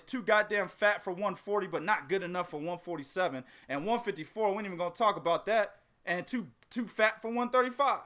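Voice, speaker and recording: Animated high-voiced man ranting and laughing. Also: a little fast. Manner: animated, laughing, profane trash talk. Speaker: podcast host. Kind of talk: casual boxing chat.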